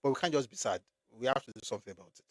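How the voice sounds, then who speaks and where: A man's voice: medium pitch, rapid-fire, dry recording, clean studio sound. A man with a Nigerian accent delivering a blunt, emphatic political commentary monologue, repeating phrases for effect.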